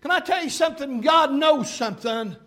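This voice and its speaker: A man preaching a sermon, fervent and halting with many fillers, breaking into shouts. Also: very high-pitched, expressive. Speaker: pastor.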